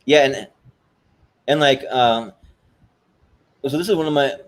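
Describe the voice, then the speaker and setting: A man's voice: medium pitch, unhurried. A man co-hosting a casual podcast, rambling through scene retellings with lots of restarts and "like". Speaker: co-host.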